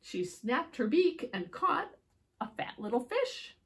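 A woman reading picture books aloud to young children, expressive, with gasps and drawn-out words. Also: sits high. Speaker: storytime reader.

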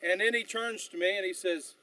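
A man leading a battlefield tour outdoors, telling stories in an animated way with frequent fillers and restarts. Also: sits high, rough recording. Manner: animated storyteller, halting with fillers. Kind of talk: outdoor guided tour talk.

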